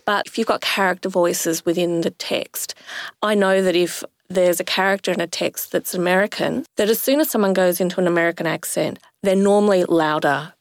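A woman's voice: on the low side, a little fast, no echo, studio quality. A woman hosting an interview, asking curious questions and sharing stories from recording narrators in the booth. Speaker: host and audiobook producer. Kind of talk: conversational interview.

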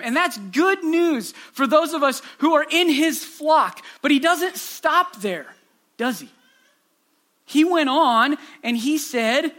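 A man's voice: extremely high pitch, expressive, slow, a bit bright. A pastor preaching a sermon to his congregation, telling stories earnestly and asking rhetorical questions.

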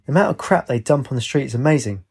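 A man's voice: medium pitch, animated, racing, gravelly, a little mellow, slightly rough. A man doing a cheeky, teasing bakery counter man. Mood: mocking. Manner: teasing, blunt banter.

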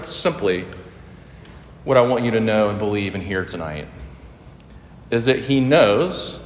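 A male pastor preaching a sermon and praying earnestly, often rising in pitch and loudness to stress a point. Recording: echoey hall with long reverb.

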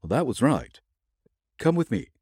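A man's voice: medium pitch, sing-song, normal speed, a little mellow, slightly rough, no echo, studio quality, voice pushed up. A man doing a disguised detective with a twang. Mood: brisk. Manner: deferential servant's talk with a twang. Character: shrewd male detective posing as a Yankee coachman.

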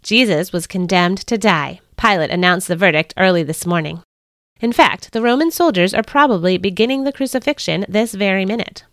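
Smug, scornful male temple priests jeer and sneer at a desperate man, as a woman reads them aloud from a storybook. The voice sits at a middle pitch. The sound is dry and close. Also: fairly quick, fairly bright tone, no echo, close to an everyday voice. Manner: jeering, sneering. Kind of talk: storybook reading.

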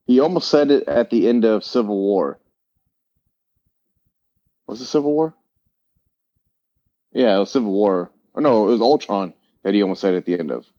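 A man co-hosting a casual podcast about a movie, relaxed and correcting himself as he goes. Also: fairly low pitch, normal speed, pauses often, dry recording. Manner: relaxed, second-guesses himself mid-thought. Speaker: podcast co-host. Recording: dull lo-fi sound.

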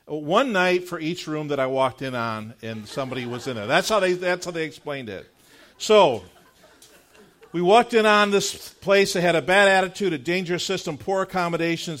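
A middle-aged man preaching from the pulpit, slipping easily into chatty, story-driven talk full of casual fillers. His pitch sits a touch high and leaps around a lot, rising sharply at the funny moments and settling lower for the earnest parts. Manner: animated conversational storytelling, frequent "like" fillers; earnest, measured prayer closing the sermon. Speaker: pastor. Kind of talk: sermon with personal anecdote.

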